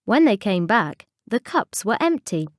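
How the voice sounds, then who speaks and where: A woman's voice: medium pitch, very animated, unhurried, no room sound, clean studio sound. A woman reading a storybook aloud expressively for English learners. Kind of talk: storybook narration.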